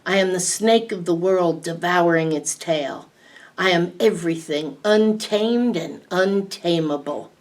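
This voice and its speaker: A woman voicing an ancient towering tree monster with a booming, declaiming voice, recorded from a distant mic. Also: lively intonation, slow pace, exaggerated voice. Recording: distant mic, faint background hiss.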